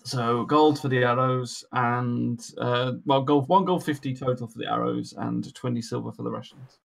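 A man running a tabletop game as dungeon master, talking in a relaxed, halting way. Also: medium pitch, gravelly.

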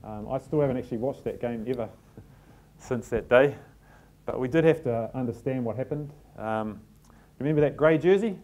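A middle-aged New Zealand man, a team manager, gives a live talk in a packed function room. His mid-range voice is darkish and moderately paced, and he tells stories laced with self-deprecating humour.

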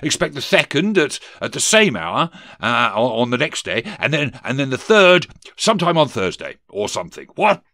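A man's voice: mid-range voice, big pitch swings, normal speed, few pauses, no echo, studio quality, pitched above the performer's own voice. A man playing a blustering chained ghost. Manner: blustering, stammering, loud. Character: bumbling pompous male ghost in chains.

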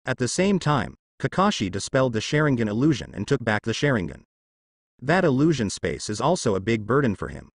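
A man narrating a translated web novel in an even, matter-of-fact reading voice. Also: medium pitch, dry recording, studio quality.

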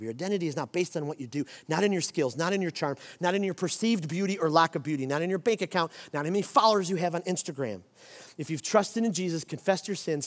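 A man's voice: fairly high pitch, expressive, fast. A pastor in his forties preaching a sermon, with emphatic, repeated declarations. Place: church sanctuary. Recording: long reverb of a church hall.

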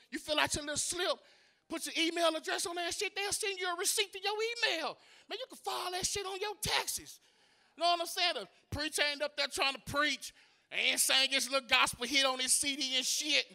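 A man's voice: very high-pitched, vocal fry, sharp tone. A man performing a profane, punchy stand-up set on a comedy club stage, full of loose asides.

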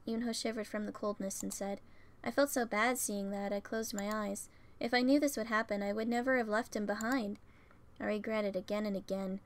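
A woman's voice: medium pitch, fairly even intonation, fairly quick. A woman reading a visual novel game aloud, narrating plainly and breaking in with swearing and joking reactions. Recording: faint music behind.

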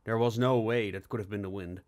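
A man with a fairly low voice narrates an audiobook, his scripted storytelling steady and measured.

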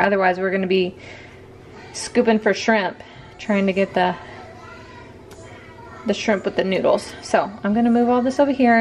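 In a creaky, mid-range voice, a woman who is a mother and vlogger walks viewers through her cooking step by step. Her home kitchen vlog is chatty and casual, with slight background noise.

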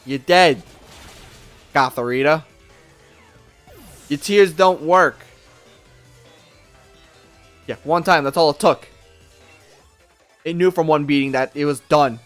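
A man giving casual gameplay commentary, excitable and profane, talking back at the characters on screen. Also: on the high side, takes it slowly, pauses often, faint music behind. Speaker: let's play gamer.

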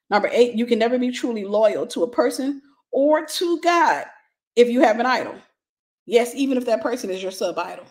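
A middle-aged woman giving a lively, conversational sermon, acting out little scenes and laughing as she teaches. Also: a little high, a little fast. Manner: animated, acts out gossip with voices, laughs. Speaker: Christian teacher.

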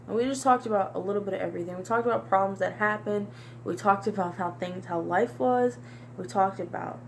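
A young woman vlogger talking to camera in a halting, repetitive, soft-spoken confessional monologue. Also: mid-range voice, gravelly, slight background noise. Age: young adult.

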